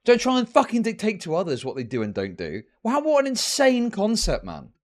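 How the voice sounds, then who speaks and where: Male streamer, high animated voice, brash and sneering. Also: a little fast. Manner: loud, mocking, swears often, laughs and mimics. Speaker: streamer reacting to a video. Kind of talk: live-stream reaction commentary.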